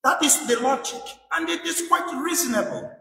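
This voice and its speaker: A man's voice: very high-pitched, normal speed, gravelly, bright, forceful tone. A man, a priest, preaching a sermon emphatically with repeated rhetorical questions, in a church. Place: church in England. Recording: echoey church from a distance.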